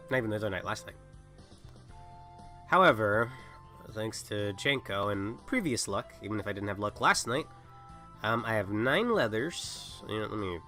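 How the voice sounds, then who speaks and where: A man's voice: on the low side, bright, forceful tone. A young man who is sick, chatting casually and rambling while livestreaming a game. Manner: rambling, self-interrupting. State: sick, coughing. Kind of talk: casual gaming livestream chat.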